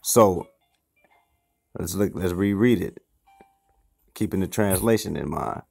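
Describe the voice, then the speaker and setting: A man with a fairly low voice and a gritty, creaky edge teaches an informal Bible study. He works through each word, repeats and restarts his phrases, and keeps checking in with the listener. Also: slow, darkish tone, soft background music. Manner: checks in with the listener with "okay" and "you see".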